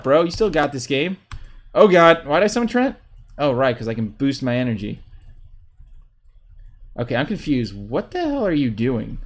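Excitable young man streaming a fighting game. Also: on the high side. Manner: excitable, trash-talking, shouts "woohoo" at hits. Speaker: livestreamer. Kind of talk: live gameplay commentary.

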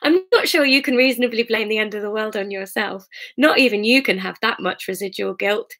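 A woman voicing a patient, kind man and trying a soft Scottish accent for him. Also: high voice, brisk. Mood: reassuring. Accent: attempted Scottish. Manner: soft, reassuring.

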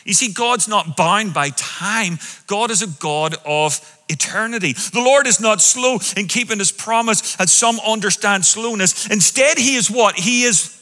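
A man from Europe, a pastor preaching a sermon in a big church, animated and quizzing his congregation with questions. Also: sits high, a little slow, big-room sound. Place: large church hall with an audience.

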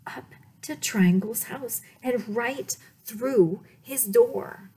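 A woman reads a picture book aloud to children in a slightly high voice, taking her time over every word. She keeps the telling playful and now and then sinks into a dramatic whisper. Faint background noise sits under the reading. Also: drawn-out words, dark tone. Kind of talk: storytime read-aloud.

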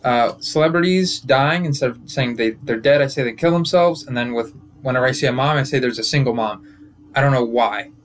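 A man's voice: medium pitch, fairly quick, a little hiss or hum. Rambling young comic host, man. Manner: rambling, joking, self-interrupting. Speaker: comedian and podcast host. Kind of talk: casual comedic monologue.

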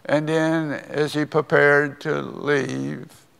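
An older man, a pastor, preaching a sermon and telling a story slowly and deliberately, with pauses. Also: on the high side, flat delivery, vocal fry, a bit bright, clear, resonant tone. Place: church sanctuary. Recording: long reverb of a church hall.

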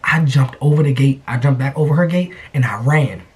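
A young man vlogging, telling a story in a casual, animated, slangy way full of repetition. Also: mid-range voice, fairly quick, background noise.

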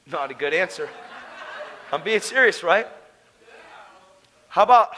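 A man preaches with fervent passion, his voice pitched high and bright with a sharp edge. He swings from loud declarations down to hushed, tender lines. He talks from a stage microphone to a conference crowd. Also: animated, normal speed, pauses often, low-quality recording. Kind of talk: conference sermon. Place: conference hall.

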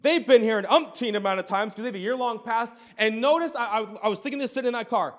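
A man's voice: extremely high pitch, fast talker, a bit bright. A man in his thirties, a pastor, preaching a sermon in a conversational storytelling way with sudden bursts of emphasis.

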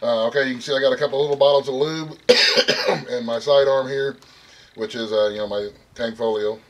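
A man's voice: mid-range voice, fairly even intonation, normal speed, low-quality recording. A man giving a casual, folksy product review vlog, rambling with lots of fillers. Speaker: vlogger.

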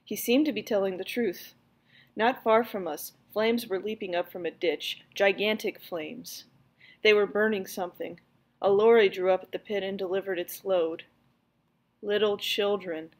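Woman, teacher, audiobook reading, mid pitch, louder for quoted speech. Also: moderate pace. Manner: reads dialogue louder and higher. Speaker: teacher reading a book aloud.

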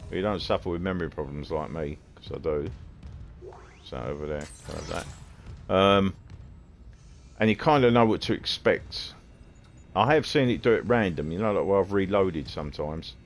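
A man's voice: deep voice, lively intonation, moderate pace, slight background noise. A man with a Cockney accent, rambling and chatty while he comments on his gameplay and mutters to himself. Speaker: gaming streamer. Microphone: headphones on, streaming setup.

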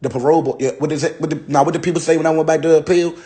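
A young man talks into his phone, ranting in playful mock despair and often breaking into laughter. His voice sits a little high for a man. He repeats the same short lines for comic effect. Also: fairly even intonation, very fast, mellow. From Ohio. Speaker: internet personality. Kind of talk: joking live-stream rant.

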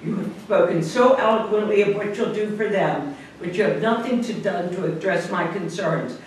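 A man's voice: high-pitched, normal speed. A man, a neighboring resident, making an upset, pleading public comment at a hearing. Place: town meeting room. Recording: echoey room from far off, faint hiss.

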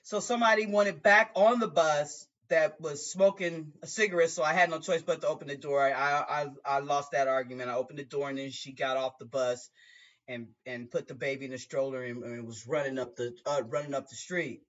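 A man, a bus driver, telling a personal story in an emotional, halting way with many restarts. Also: a little high, fairly even intonation, a bit bright. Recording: dull lo-fi sound.

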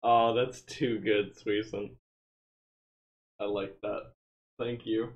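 A man's voice: lowish voice, level tone, slow, dull audio. A man streaming a game live, chatting casually and laughing easily.

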